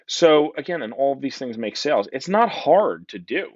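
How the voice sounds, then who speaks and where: A man's voice: mid-range voice, very animated, normal speed, a little mellow, no echo, muffled recording. A man with a New Jersey accent giving a casual, joking conference talk full of fillers. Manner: chatty, joking, many fillers and "right?". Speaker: conference speaker.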